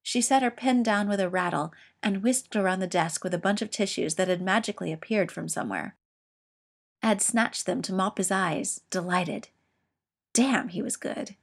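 A woman reading a story aloud as narrator, with a wry, expressive delivery. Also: medium pitch, gravelly.

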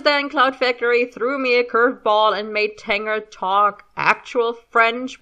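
A woman's voice: mid-range voice, sharp tone. A woman in her thirties with a light German accent, chatting in a rambling, self-deprecating way about her recordings. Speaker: fan audio reader. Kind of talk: casual spoken commentary.

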